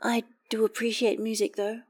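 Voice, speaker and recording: A woman voicing a shy young woman with a sweet, quiet voice, reading fan fiction aloud. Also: a little high, level tone, normal speed, breathy edge, pitched above the performer's own voice. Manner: soft, gentle, quiet.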